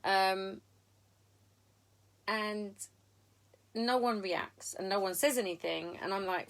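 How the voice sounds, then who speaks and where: A woman's voice: mid-range voice, slow pace, long pauses. A middle-aged woman, telling a personal story on a live video diary in a frank, sweary, rambling way full of ums. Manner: frank and sweary, talks in loose run-on sentences with many ums. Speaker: video diarist. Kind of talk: candid live-stream storytelling.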